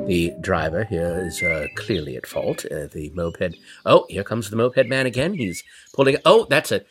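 A quiet, low-voiced male golf announcer murmurs measured play-by-play. A man puts him on mid-story. His tone stays hushed and even, with guitar music behind. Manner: soft, murmured play-by-play commentary.

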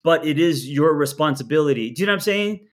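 A man coaching a couple through a therapy session, talking in an earnest, animated way and often repeating words as he starts a thought. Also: fairly high pitch, quick pace. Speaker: relationship coach.

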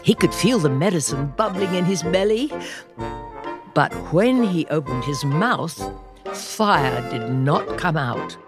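A woman reads a children's picture book aloud, slow and unhurried, her fairly low voice rising and falling a lot. Gentle music plays steadily behind her. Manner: slow, expressive storytelling. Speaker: children's podcast host and reader. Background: soft music.

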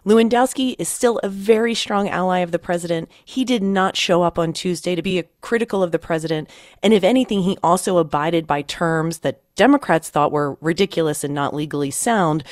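A woman's voice: on the low side, a little fast, no room sound, clean studio sound. A woman congressional reporter explaining politics fluently and in detail on a podcast. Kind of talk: analytical podcast discussion.

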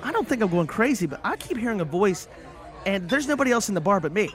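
A man's voice: sits high, big pitch swings, fast talker, pitched above the performer's own voice. A man voicing a bewildered bar patron in a joke, stammering and rattled.

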